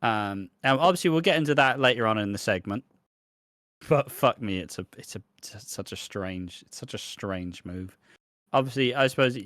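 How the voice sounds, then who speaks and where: A man's voice: on the low side, a bit bright, no echo. A man co-hosting a wrestling podcast, laid-back and dry, dropping swear words into match rundowns. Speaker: podcast co-host. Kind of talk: casual chat.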